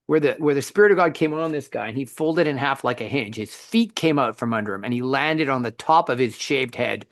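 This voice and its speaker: A middle-aged man co-hosting a faith podcast, telling a story in a lively conversational way with frequent restarts. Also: medium pitch, fairly quick, dry recording, studio quality. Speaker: podcast co-host.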